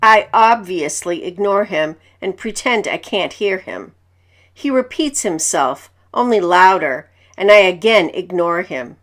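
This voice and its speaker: A woman's voice: fairly low pitch, lively intonation, unhurried, fairly bright tone. Woman reading creepy stories. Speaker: narrator of submitted stories. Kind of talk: scripted first-person narration.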